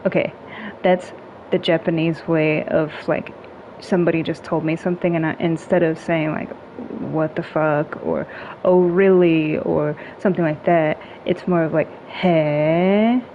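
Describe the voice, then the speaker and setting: A woman in a casual chat, talking in a relaxed, chatty way with many "like"s and little humming sounds. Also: low-pitched, moderate pace. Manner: relaxed, chatty, heavy use of "like" and hums; playful with tone, acting out little sounds. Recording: dull lo-fi sound with faint noise.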